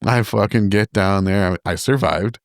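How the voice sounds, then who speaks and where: Um homem jovem com sotaque canadense conta histórias cheias de palavrões num papo de podcast, rindo das próprias trapalhadas. A voz é baixa, lisa e ressonante, gravada bem seca e de perto, sem eco da sala. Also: male voice, lowish voice, moderate pace, clean tone, dry recording, clean studio sound. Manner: profane, animated, laughs at his own stories. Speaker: podcast co-host. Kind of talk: casual storytelling chat. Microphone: podcast studio microphone.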